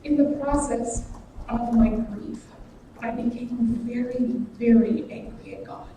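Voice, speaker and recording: A woman's voice: on the high side, fairly even intonation, dark tone. A woman giving a guest sermon in a church, speaking in an earnest, personal way. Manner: earnest and personal, slow and deliberate. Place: church sanctuary. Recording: echoey hall from far off, faint noise.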